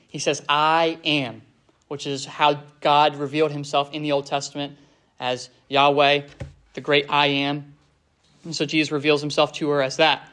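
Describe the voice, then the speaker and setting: A man teaching a Bible passage informally, reading verses and paraphrasing them in a relaxed, conversational way. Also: on the high side. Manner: conversational, paraphrases scripture in casual speech.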